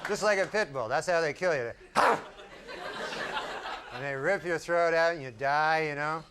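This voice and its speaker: A man doing a stand-up comedy set, talking in a drawling, deadpan way with rambling asides. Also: fairly high pitch, normal speed. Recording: live club set with loud crowd and noise. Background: audience laughter.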